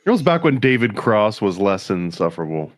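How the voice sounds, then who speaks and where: A man's voice: on the low side, very animated, brisk, dry recording. Dry-witted podcast man. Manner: dry, teasing remarks. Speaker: podcast co-host. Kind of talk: casual chat.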